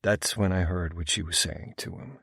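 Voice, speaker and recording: A man narrating a first-person romance novel in an intense, gruff, steady way. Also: deep voice, normal speed, no room sound, studio quality. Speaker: audiobook narrator.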